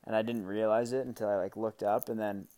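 Young guy, lowish voice, easygoing, lots of "like" fillers, podcast guest. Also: fairly quick, slight background noise. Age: young adult. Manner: relaxed, leans on "like" fillers. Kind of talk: casual chat.

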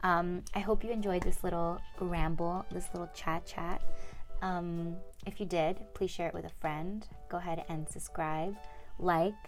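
Chatty upbeat young woman, lower voice. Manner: chatty, upbeat, lots of fillers. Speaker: podcast host. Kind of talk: casual solo podcast chat.

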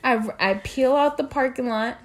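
Animated young woman telling a story. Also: high-pitched, normal speed. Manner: animated, profane, acts out quotes loudly. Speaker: podcast co-host. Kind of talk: casual storytelling chat.

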